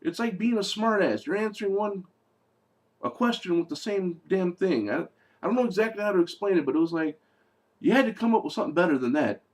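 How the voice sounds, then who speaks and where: A man's voice: sits high, animated, a little fast. A man giving a casual spoken movie review, sarcastic and exasperated, rambling with fillers and restarts.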